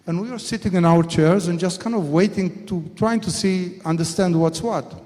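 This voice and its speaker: A man's voice: sits high, normal speed, a little mellow. An older man, a company executive, giving a storytelling talk at a summit and acting out quoted dialogue as he goes. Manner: anecdotal, acts out quoted dialogue. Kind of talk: storytelling speech. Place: conference hall. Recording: long hall reverb.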